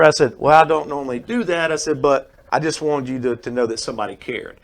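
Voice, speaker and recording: A pest control worker who is also a pastor sits as a guest in a radio studio, telling an earnest story and acting out the people he quotes. His mid-range voice is brisk and creaky, with few pauses.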